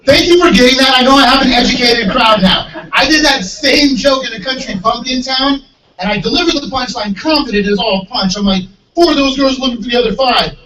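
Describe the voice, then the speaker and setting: A man performing a stand-up comedy set, telling stories and jumping into high voices for the people he quotes. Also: a little fast. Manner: animated storyteller, jumps into high voices for quoted characters. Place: gun store event space. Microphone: handheld microphone. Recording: echoey room, mic heard from a distance, faint hiss.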